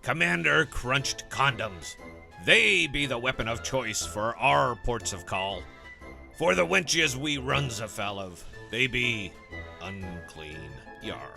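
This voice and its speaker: A man putting on a swaggering pirate pitchman. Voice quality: gruff pirate growl. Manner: lewd, swaggering. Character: bawdy old male pirate captain pitchman. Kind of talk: mock radio commercial.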